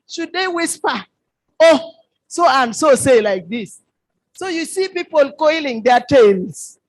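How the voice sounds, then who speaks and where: A woman speaks from the floor with a high voice, slowly and insistently. She repeats her key phrases for emphasis. The sound is dry and close. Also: no echo, rough recording. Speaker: member of parliament. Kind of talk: workshop floor contribution.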